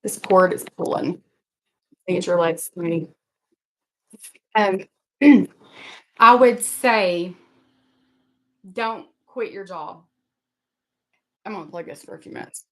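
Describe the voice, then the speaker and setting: A woman's voice: lowish voice, takes it slowly, pauses often, a bit bright. A middle-aged woman, hosting a casual livestream and talking in a rambling, emotional, self-deprecating way. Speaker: livestream host. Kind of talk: casual live-stream chat.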